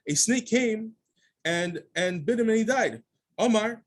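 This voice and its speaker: A man's voice: high-pitched, lively intonation, fairly quick. A man, a rabbi, teaches a daily Talmud class, reading each Aramaic phrase and then explaining it in English, often restarting mid-sentence.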